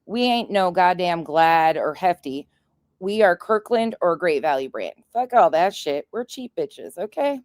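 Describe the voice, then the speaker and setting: A woman with a low voice, recorded dry and close to the mic. She hosts a commentary stream in a casual, crude way, mocking the clips she plays and laughing along. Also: animated, a little slow, darkish tone, dry recording.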